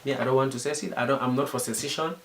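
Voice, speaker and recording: Man, Cameroonian English accent, earnest, emphatic, repeats words, mid-pitched voice, roomy echo. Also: fairly even intonation, rapid-fire, a bit bright, a little hiss or hum. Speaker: interviewee. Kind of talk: impassioned commentary.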